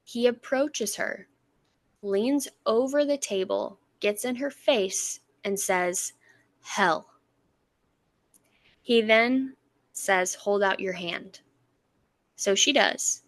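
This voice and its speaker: A woman's voice: mid-range voice, takes it slowly, no echo. A woman co-hosting a book podcast, casually retelling chapters and acting out the characters' lines with frequent laughter. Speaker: podcast co-host.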